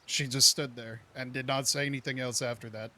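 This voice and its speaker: Blunt, cursing man with a bright voice. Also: mid-range voice, steady tone. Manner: measured, detailed retelling with blunt cursing. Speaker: role-play character giving an account. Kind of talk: in-character role-play talk.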